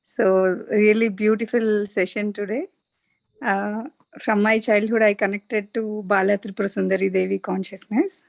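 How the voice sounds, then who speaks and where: A woman from India speaks earnestly and haltingly in a flat, gravelly voice. The recording is close and dry, with no room sound. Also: medium pitch, dry recording. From India (Telangana). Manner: earnest, halting, with light laughs. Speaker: workshop participant. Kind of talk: personal testimony. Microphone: video call.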